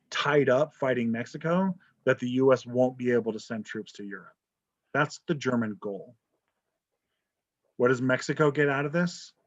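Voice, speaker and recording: A man teaching an online history class, talking casually, joking and checking in with "right?". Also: mid-range voice. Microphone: video call. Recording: dull lo-fi video call audio.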